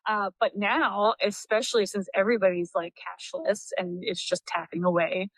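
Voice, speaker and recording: Middle-aged woman, steady explainer. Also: mid-range voice, moderate pace, no echo, rough recording. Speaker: podcast co-host. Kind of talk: casual chat.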